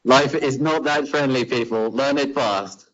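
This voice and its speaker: A man's voice: medium pitch, a little slow, fairly bright tone. A man co-hosting a podcast, making dry, wry remarks and stumbling over his first words. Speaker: podcast co-host. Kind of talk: casual chat. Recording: dull lo-fi podcast audio.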